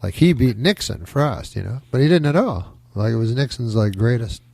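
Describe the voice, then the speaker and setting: A man talking as a comedian guest in casual chat, deadpan and rambling. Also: medium pitch, moderate pace, vocal fry, no room sound.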